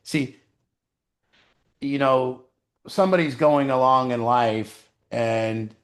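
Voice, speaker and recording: A man giving casual recovery advice, animated and profane, with many fillers. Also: medium pitch, slow. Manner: animated, swearing, frequent "you know". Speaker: recovery mentor.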